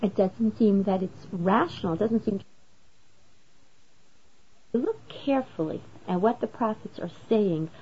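A woman's voice: medium pitch, measured pace, pauses often, lo-fi sound, a little hiss or hum. A woman teaching a Torah lesson, explaining step by step and posing rhetorical questions to her listeners. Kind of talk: religious lesson.

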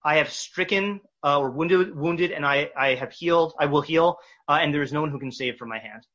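Bright, husky man teaching a text class. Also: a little high. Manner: thinking aloud with fillers and restarts, reading verses slowly. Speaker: Torah teacher. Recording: dull lo-fi recording.

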